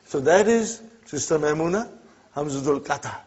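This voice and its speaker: Man, arabic teacher, husky voice, muffled lo-fi recording, prods the class. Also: a little high, expressive, moderate pace, a little mellow. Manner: quizzing the class with frequent "huh?" prompts. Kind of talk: classroom lesson.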